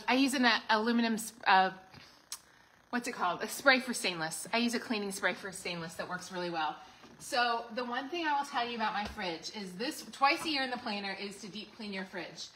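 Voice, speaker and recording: A woman's voice: mid-range voice, pushed and bright, a little hiss or hum, poor audio. A middle-aged woman, chatting to viewers on a livestream while she cleans out her fridge, full of asides and fillers. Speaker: home organizing vlogger. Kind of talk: casual livestream chat. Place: home kitchen.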